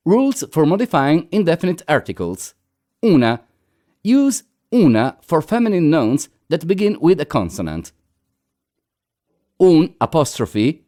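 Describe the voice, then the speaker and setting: Slow, mellow male lesson narrator. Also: on the high side. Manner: slow, measured reading of dialogues and rules. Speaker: language teacher.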